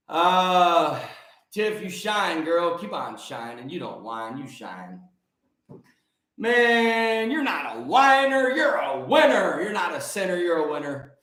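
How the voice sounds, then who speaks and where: Man, forties, high-pitched, excitable, preachy livestream host, very echoey room. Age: 40s. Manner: excitable, preachy, greets viewers by name, repeats phrases. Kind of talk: energetic livestream talk.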